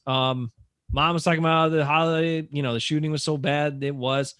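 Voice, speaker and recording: A man co-hosting a casual sports podcast, ranting in an animated, exasperated way. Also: a little high, brisk, clean tone, dry recording, studio quality. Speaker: podcast co-host.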